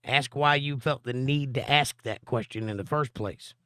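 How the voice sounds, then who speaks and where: A man's voice: mid-range voice, moderate pace, pushed and bright, smooth, no room sound, clean studio sound. Chatty man reading live chat. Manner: joking, chatty, answers chat directly. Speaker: live stream host. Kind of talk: casual chat, reading viewer comments aloud.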